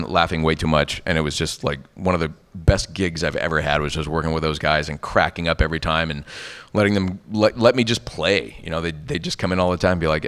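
A man, a voice actor, telling animated anecdotes on a convention panel and acting out the people he quotes. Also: lowish voice, big-room sound. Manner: animated, acts out quoted voices, many "like" fillers.

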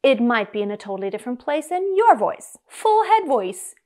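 A woman from Germany, a vocal coach, explaining singing technique in a clear, deliberate way to camera. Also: a little high, very animated, a little mellow.

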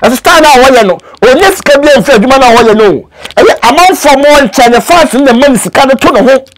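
In relaxed interview talk, a Ghanaian man who acts for a living and speaks Twi natively code-switches while sounding earnest and pleading. He speaks fast, with a very high-pitched, expressive voice.

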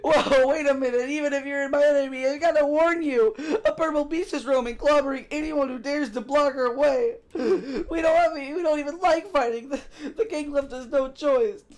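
A man's voice: very high voice, normal speed, few pauses, voice pushed up. A man voicing a frightened little male monster in a game, his voice raised, shaky and nervous as he pleads. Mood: panicked.

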